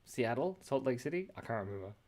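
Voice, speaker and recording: A man hosting a live drawing stream in a loose, rambling way. He talks casually and playfully as he sketches, joking with viewers and laughing often. His voice sits at an ordinary middle pitch. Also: sing-song, fast talker, a little mellow.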